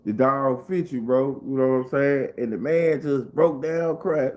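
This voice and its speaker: A man's voice: mid-range voice, steady tone, unhurried, darkish tone. Rambling man telling a story. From Memphis, Tennessee. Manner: rambling, profane, repeats himself. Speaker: live streamer. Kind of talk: casual storytime on a livestream.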